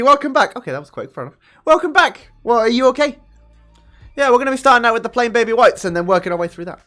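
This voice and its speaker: A young man in his twenties, chatting casually with viewers on a live stream in a room at home. He talks into a desk microphone and swears a lot. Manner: chatty and profane, with sudden high excited jumps. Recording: faint music under the voice. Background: faint music.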